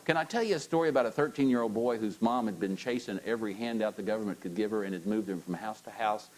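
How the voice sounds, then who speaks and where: A male pastor delivers a sermon. He coaxes his listeners into repeating lines after him and pushes them with playful, animated encouragement. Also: on the low side, fast talker, low-quality recording. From United States.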